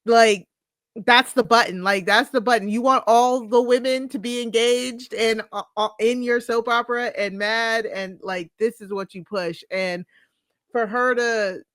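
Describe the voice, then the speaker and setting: A woman's voice: on the high side, fairly even intonation, measured pace, fairly bright tone, no room sound, clean studio sound. A woman co-hosting a casual podcast about a TV show, talking expressively and often laughing while she stacks up rhetorical questions. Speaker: podcast co-host. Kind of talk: casual pop-culture chat.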